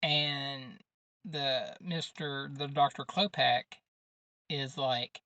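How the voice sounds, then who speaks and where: Casual male podcast host, slow and meandering, loose grammar, fillers everywhere, dry close mic. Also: on the high side, steady tone, pushed and bright, dry recording, highs cut off. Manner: rambling plot recap with many fillers; informal grammar. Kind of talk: casual movie review.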